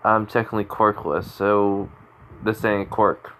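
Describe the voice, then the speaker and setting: A cool teenage ninja boy speaks in a flat, offhand way, voiced by a man telling a fan story. He sounds blunt and unbothered, close to the storyteller's own everyday voice. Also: lowish voice, a little slow, a little hiss or hum, rough recording.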